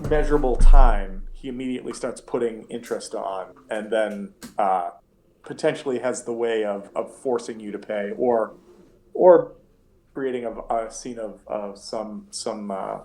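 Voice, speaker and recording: A man's voice: mid-range voice, darkish tone. A young man narrating as dungeon master, rambling with many restarts. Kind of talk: narrating a tabletop game.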